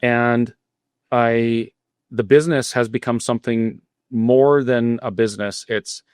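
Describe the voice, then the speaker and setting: A man's voice: medium pitch, steady tone, unhurried, darkish tone, smooth, no echo. Earnest middle-aged man, dry sound. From Alberta, Canada. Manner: candid, earnest, with frequent restarts. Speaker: guest, cafe owner. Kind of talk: interview storytelling.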